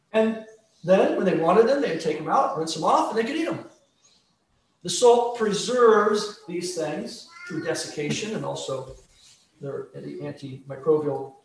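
A man preaching a conversational sermon, teaching with everyday examples and acted-out scenes. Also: high-pitched. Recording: echoey room, distant mic, faint noise.

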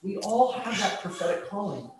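A man's voice: high voice, sing-song, moderate pace. A man preaching a conversational sermon, teaching with everyday examples and acted-out scenes. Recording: echoey room, distant mic, faint noise.

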